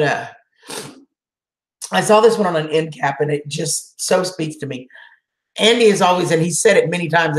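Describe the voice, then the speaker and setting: A woman's voice: low voice, reverberant. A woman hosting a casual live chat, emotional as she answers viewer comments. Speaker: channel host doing a live chat.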